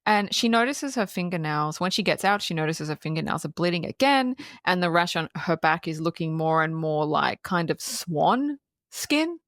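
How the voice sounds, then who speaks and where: A woman's voice: fairly low pitch, expressive, normal speed, a bit bright, dry recording, clean studio sound. A woman co-hosting a film review podcast, chatting casually, swearing a lot and acting out lines from the film. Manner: swears freely, acts out quotes, laughs often. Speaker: podcast co-host.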